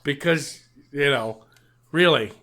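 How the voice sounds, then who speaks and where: A young American man on a podcast, loud and boisterous, retelling a film with swearing and mock exasperation. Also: on the high side, slow. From United States. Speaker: podcast co-host. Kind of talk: casual podcast chat.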